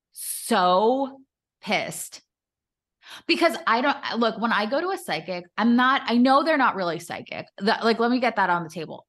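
Animated woman telling a story. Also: medium pitch. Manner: animated storyteller, quick, acts out quotes with laughs. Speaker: podcast co-host. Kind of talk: casual chat.

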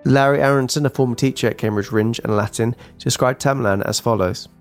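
A man co-hosting a true-crime podcast, reading his script briskly and teasing his co-host dryly. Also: medium pitch, faint music behind.

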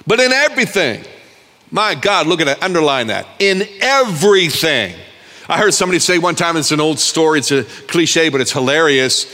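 Guy preaching a lively sermon, cracks jokes, gets the crowd to answer back, big echoey church. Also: sits high, moderate pace. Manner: animated, joking, calls for congregation responses. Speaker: pastor. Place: church sanctuary. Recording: long reverb of a large hall.

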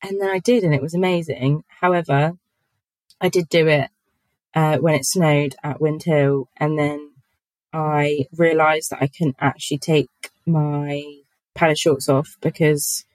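Guest spot: low-pitched woman, chatty and giggly, dry close-mic sound. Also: steady tone, unhurried, a little mellow, dry recording, rough recording. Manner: giggly, chatty, many fillers. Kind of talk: casual podcast chat.

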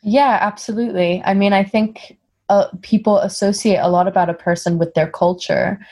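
A woman's voice: mid-range voice, steady tone, normal speed, a little mellow. Woman with an American-sounding accent. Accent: American-sounding English. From Singapore. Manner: thoughtful, frequent "um" fillers, acts out quoted exchanges. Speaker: interview guest. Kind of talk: casual conversational interview.

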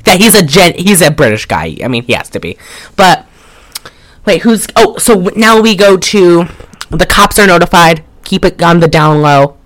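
A man's voice: high-pitched, sing-song, normal speed, a bit bright, no echo. A man co-hosting a casual chat, recapping a film in a rambling, jokey way with lots of fillers. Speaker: podcast co-host.

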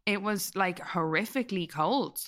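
Podcast co-host, young woman, bright clear tone, chatty, swears freely. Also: medium pitch, normal speed. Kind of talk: casual chat.

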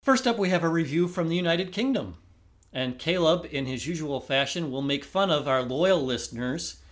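A man with an American accent co-hosting a history podcast, talking in a relaxed, thinking-aloud way. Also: a little high, moderate pace. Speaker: podcast co-host. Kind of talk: casual history podcast chat.

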